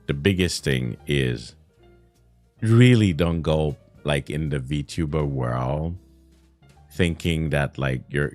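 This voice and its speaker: A very deep, creaky, darkish voice belongs to this Quebec streamer, a native French speaker with a Quebec French accent. He chats casually on stream in a whiny, ranting way, often laughing and swearing.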